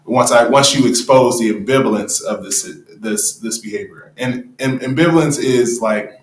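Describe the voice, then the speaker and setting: A man's voice: mid-range voice, normal speed, roomy sound, rough recording. A man speaking as a therapist on a panel, explaining thoughtfully with frequent ums and restarts.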